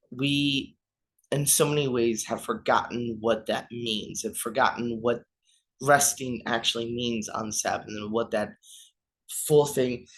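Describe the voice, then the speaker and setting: A man's voice: medium pitch, fairly bright tone. Young guy doing a youth devotional, kinda stumbly, apologizes a lot, mid voice. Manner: informal, stumbling over names, apologetic asides. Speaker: youth minister. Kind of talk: devotional reflection.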